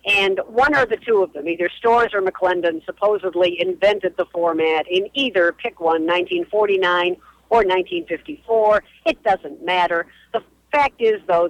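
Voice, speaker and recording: A woman's voice: mid-range voice, dry recording, poor audio. A woman in her sixties, a radio historian and author, telling stories emphatically as a guest calling into a radio show. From Boston area, US. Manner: animated, emphatic storyteller. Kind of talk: phone interview on a radio show.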